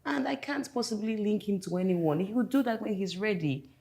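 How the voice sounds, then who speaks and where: An actress playing a playful young woman with a teasing, expressive manner. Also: mid-range voice, a little fast, vocal fry. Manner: teasing, expressive, laughing easily. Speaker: the boss's sister.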